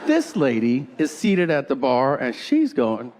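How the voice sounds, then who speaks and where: A man's voice: mid-range voice, measured pace, background noise. A man doing stand-up, telling an odd story in a chatty way and talking to the crowd. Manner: animated, conversational with the crowd. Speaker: stand-up comedian.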